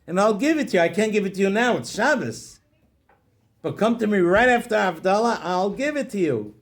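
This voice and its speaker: A man's voice: high-pitched, animated, fairly quick, pitched above the performer's own voice. A man voicing a cheerful, kindly man who is always smiling, with upbeat, friendly greetings. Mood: reassuring.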